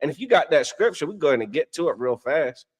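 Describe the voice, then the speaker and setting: Animated preachy man. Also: fairly high pitch, a little fast, husky. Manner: preachy, repeats "you understand?"; animated, laughs at his own stories. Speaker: podcast co-host and religious teacher. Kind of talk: casual religious discussion.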